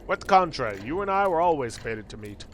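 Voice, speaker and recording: A man's voice: fairly high pitch, very animated, fast talker, a bit bright, a little hiss or hum. A man putting on a lofty, cosmic male entity that calls itself the end of time, grandiose and formal in every line. It speaks with solemn, theatrical gravity in a quirky game. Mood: grand.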